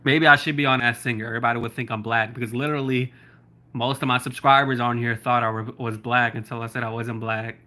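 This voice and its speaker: Southern guy chatting on a livestream, bright voice, rambly w lots of likes and ums. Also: medium pitch, steady tone, fast, a little hiss or hum. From South Florida. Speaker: YouTuber. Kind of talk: casual livestream chat reading viewer comments.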